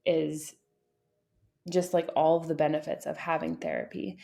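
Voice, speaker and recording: A woman's voice: low voice, flat delivery, normal speed, vocal fry, warm tone. A woman in her thirties co-hosting a podcast, talking earnestly and reflectively in casual chat with frequent fillers. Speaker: podcast co-host.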